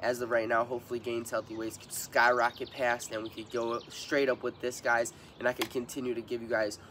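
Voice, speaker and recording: A man in his thirties, hoarse from a cold, casually coaching a morning stretching routine with upbeat, repeated cues. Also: medium pitch, little pitch movement, a little fast, fairly bright tone, slight background noise. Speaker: fitness vlogger leading a stretch routine. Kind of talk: casual workout instruction. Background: music.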